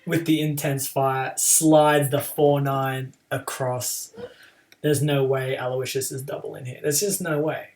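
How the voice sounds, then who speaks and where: A man's voice: medium pitch, level tone, measured pace, a bit bright, recorded from a distance. A man streaming a game live and chatting casually about his play, with playful trash talk toward his opponent.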